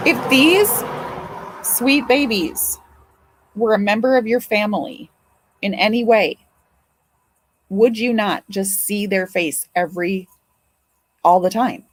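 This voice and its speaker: Woman host, grandmother, casual live chat, drawn-out unhurried delivery, heartfelt and talkative. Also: medium pitch, a little hiss or hum, rough recording. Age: older. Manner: emotional, chatty, swears and apologizes. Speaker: livestream host.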